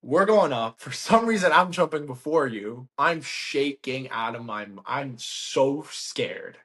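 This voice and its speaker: A man co-hosting a podcast, telling a story in casual chat, animated and laughing as he acts out what people said. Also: medium pitch, a little slow. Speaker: podcast co-host.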